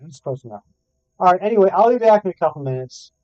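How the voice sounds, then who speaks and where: Man, game streamer, casual live chat, smooth voice, slightly muffled sound. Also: sits high, lively intonation, fast talker, no echo. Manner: chatty, reads chat aloud, self-deprecating.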